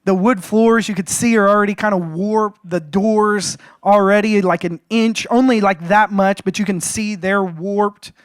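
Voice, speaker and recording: Male pastor, high voice, animated and self-mocking sermon storyteller, dry close mic. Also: a little slow, hardly any pauses, clean tone, no echo. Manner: animated, joking, frequent restarts.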